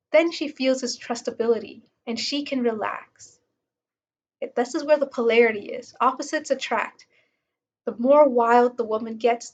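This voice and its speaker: A woman's voice: fairly high pitch, muffled recording. A woman reading passages from a self-help book aloud and commenting on them in a casual way, with many fillers. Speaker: book reviewer.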